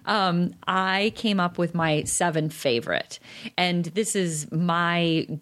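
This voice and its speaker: A tired woman co-hosting a podcast, chatty and quick to laugh. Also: on the low side, a bit bright. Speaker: podcast co-host. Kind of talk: casual chat.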